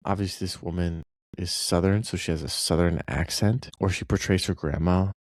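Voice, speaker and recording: A man's voice: sits low, fairly even intonation, moderate pace, no room sound. A man reading a short story aloud and breaking off for loose, conversational asides, like a teacher walking a class through a text. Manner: conversational, loose asides between read passages. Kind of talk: reading aloud with casual commentary.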